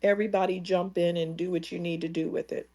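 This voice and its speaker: A woman's voice: fairly low pitch, little pitch movement, quick pace, a little mellow. A woman co-hosting a talk show, speaking emphatically in firm, repeated declarations. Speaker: co-host. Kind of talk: impassioned talk-show discussion.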